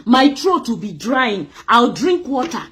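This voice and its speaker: A woman's voice: a little high, very animated, measured pace, fairly bright tone. A woman from Nigeria, telling her personal story with drama and acting out the voices of others. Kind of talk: emotional personal testimony.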